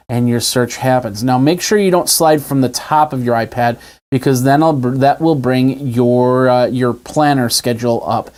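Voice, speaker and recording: A man's voice: mid-range voice, darkish tone. A man hosting a casual tech video, chatting his way through a tablet demo indoors. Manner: chatty, demonstrating on screen as he talks. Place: indoors at a desk with a TV and monitor.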